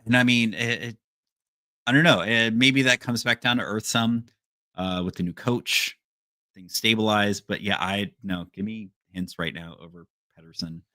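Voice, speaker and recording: A man's voice: fairly low pitch, normal speed, bright, forceful tone, no echo, studio quality. A man co-hosting a podcast, chatting casually and hesitantly with many fillers. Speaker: podcast co-host. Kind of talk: casual chat.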